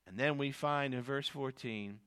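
A man preaching a sermon, reading scripture aloud and swinging from quiet asides to emphatic, raised declarations. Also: mid-range voice, a little slow, clean tone. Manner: reads scripture in archaic phrasing, repeats key lines.

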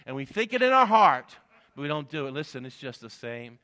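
A middle-aged man preaching an evening sermon, his tone bright and forceful. He swings between emphatic high peaks and low, quiet asides, punctuating points with "amen". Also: very animated, fairly quick. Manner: preaching with rising emphatic peaks, repeated "amen" and "guess what". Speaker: pastor.

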